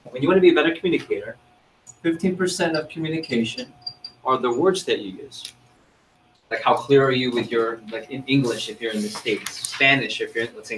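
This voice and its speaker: A man's voice: mid-range voice, fairly bright tone, slight background noise, rough recording. A man running a sales training seminar, coaching the group and firing questions at them.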